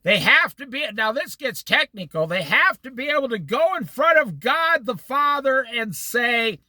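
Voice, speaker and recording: A man leading an informal Bible study, explaining scripture in an animated, storytelling way and acting out the quotes. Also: very high-pitched, measured pace, hardly any pauses, dry recording.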